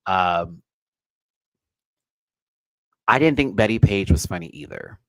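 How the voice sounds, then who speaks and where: A man hosting a live review show, ranting bluntly and with swearing, his voice swinging from quiet mutters to loud high outbursts. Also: expressive, slow, no room sound, rough recording. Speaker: drag race reviewer and channel host.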